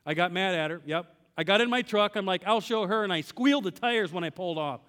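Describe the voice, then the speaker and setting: A man's voice: sits high, lively intonation, quick pace, fairly bright tone, big-room sound. A man preaching a sermon as pastor, telling a personal story, acting out dialogue with God and asking the congregation questions. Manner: asks the congregation direct questions.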